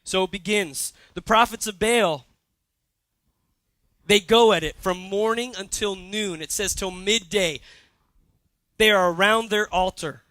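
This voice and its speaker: A young man preaching a sermon, retelling a story with lively asides and quoted lines. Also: high-pitched, measured pace, long pauses, no echo. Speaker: pastor. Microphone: handheld or stage mic.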